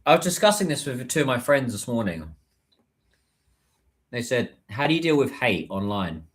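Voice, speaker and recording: British male streamer, casual, talks to chat on his phone, mid-pitched voice. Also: big pitch swings, moderate pace. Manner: chatty, reads out and answers viewer comments. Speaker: livestreamer.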